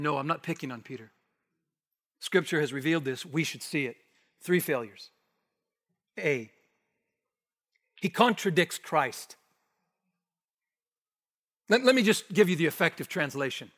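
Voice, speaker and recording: A man preaching an expository sermon, emphatic, rising to forceful bursts and dropping to hushed asides. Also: fairly high pitch. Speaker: pastor. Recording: long hall reverb.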